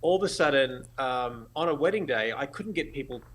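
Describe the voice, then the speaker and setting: Bright-voiced Australian man telling stories. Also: mid-range voice, brisk. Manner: animated, laughing storyteller. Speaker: guest photographer. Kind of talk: casual interview storytelling.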